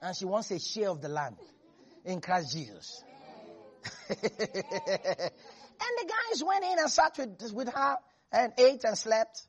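A preacher gives an animated sermon, laughing often and acting out the quotes in the scripture. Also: medium pitch, takes it slowly.

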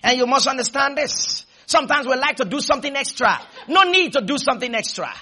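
A man preaches in a high, lively voice that swoops and climbs as he stretches his words. His tone is bright and husky. He shouts lines for the congregation to repeat back. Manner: shouting, drawn-out preaching with call-and-response. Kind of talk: sermon.

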